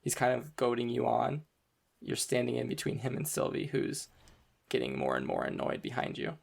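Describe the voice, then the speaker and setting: Game master, gravelly and creaky, lively pitch, loose and casual narration. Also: normal speed. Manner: casual, filler-heavy narration with frequent ums.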